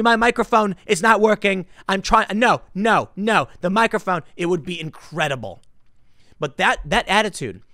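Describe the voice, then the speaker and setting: A man giving opinionated political commentary in an animated, emphatic way, often repeating words. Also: sits high, dry recording, clean studio sound.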